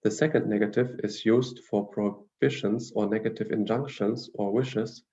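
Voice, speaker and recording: A man teaching a language class, reading through grammar notes in a measured, explanatory way with frequent fillers and restarts. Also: lowish voice, steady tone, warm tone, lo-fi sound.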